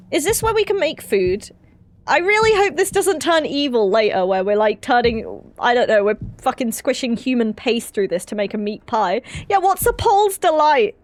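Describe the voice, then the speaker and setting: Excitable high-pitched woman streamer. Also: no echo. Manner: excitable, swears casually; reads game dialogue aloud in character. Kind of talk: let's play commentary.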